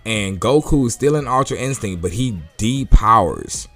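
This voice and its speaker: A man's voice: mid-range voice, animated, brisk. A man giving a casual, chatty manga review, laughing often as he talks, with faint music in the background. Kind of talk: casual chat.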